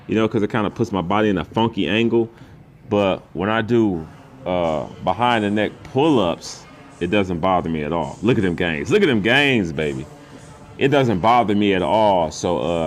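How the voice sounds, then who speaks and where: Deep-voiced man narrating his gym workout. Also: darkish tone. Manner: laid-back, repeats words, loose casual grammar. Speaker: fitness vlogger. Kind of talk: voice-over commentary on a workout.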